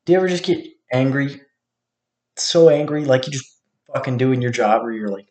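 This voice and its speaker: A man in a casual monologue, ranting with lots of swearing, swinging between low mutters and sudden outbursts. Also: fast talker, darkish tone. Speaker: vlogger.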